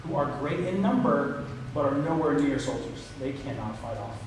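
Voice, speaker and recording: A man preaching a sermon, telling a story and voicing quoted lines with a higher pitch. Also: animated, moderate pace. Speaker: pastor. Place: church sanctuary. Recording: echoey hall from far off with noise.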